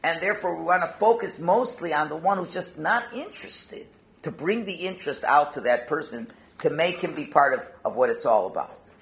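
A man, a rabbi, giving a Torah talk, telling a Hasidic story and peppering it with Yiddish and Hebrew words, his volume swinging from hushed to loud. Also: fairly high pitch, lively intonation, a little fast.

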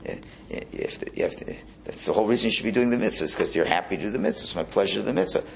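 A man teaching a Hasidic Torah class, animated and prone to repeating words and restarting his phrases. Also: on the low side, rapid-fire, vocal fry, slight background noise. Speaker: religious teacher.

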